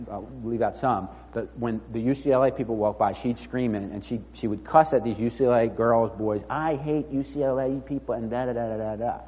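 A man preaching a sermon in a conversational, storytelling way, often dropping his voice low and quiet. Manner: conversational storytelling, drops to near-murmur. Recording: dull sound with long reverb in a hall.

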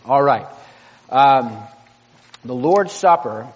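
A man preaching a sermon in a church, earnest and halting, with many fillers and restarts. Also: medium pitch, animated, a little mellow, husky. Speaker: pastor. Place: church sanctuary. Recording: dull lo-fi sound with long hall reverb.

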